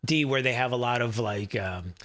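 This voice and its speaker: A man's voice: mid-range voice, normal speed, fairly bright tone. A man hosting a talk radio show in a studio, rambling casually with many fillers and asides to his producer.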